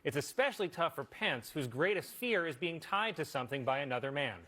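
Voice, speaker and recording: A man as a comedy news anchor, delivering satirical headlines with crisp setups and punchlines. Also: a little high, expressive, fairly quick. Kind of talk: satirical news desk jokes. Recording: loud background noise.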